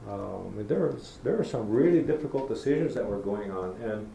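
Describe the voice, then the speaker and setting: A middle-aged man gives a folksy storytelling lecture, his voice gravelly and mellow. He speaks in a roomy lecture hall, and a faint hiss sits under the recording. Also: fairly low pitch, animated, a little fast. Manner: storytelling, folksy, acts out talking to kids. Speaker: public lecturer. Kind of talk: public talk.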